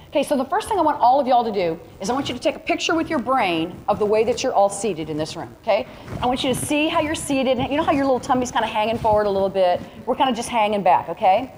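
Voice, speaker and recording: A woman's voice: fairly high pitch, a little mellow. A woman teaching a photography workshop to a live audience, chatty and direct, walking students through demonstrations. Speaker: photography instructor. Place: large room with a live audience. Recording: reverberant hall, faint ambient noise.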